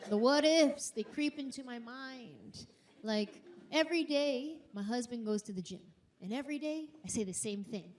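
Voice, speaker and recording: Woman doing stand-up, kinda high voice, acts out quotes, faint crowd noise behind. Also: normal speed, darkish tone. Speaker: stand-up comedian. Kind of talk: stand-up comedy routine. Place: theater stage before a live audience.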